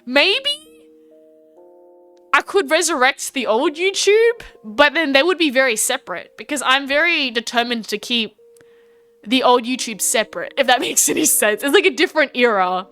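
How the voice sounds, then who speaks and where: A woman's voice: high-pitched, expressive, normal speed, bright, forceful tone, soft background music. A young Australian woman streaming live, chatting in a rambling way with lots of fillers and restarts. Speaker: VTuber streamer. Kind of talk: casual livestream chat.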